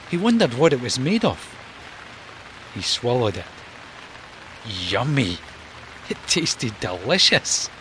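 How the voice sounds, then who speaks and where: A storyteller reading a children's storybook aloud in a slow, expressive way. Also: medium pitch, background noise.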